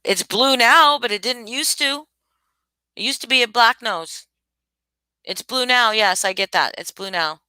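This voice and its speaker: A young adult woman hosting a casual livestream, chatting with viewers and reacting in animated disbelief. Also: on the high side, a little slow, smooth, no echo, rough recording. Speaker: livestream host.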